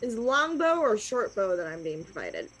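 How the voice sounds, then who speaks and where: Female player, breathy and expressive, quick and teasing. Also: medium pitch. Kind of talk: casual chat at a game table.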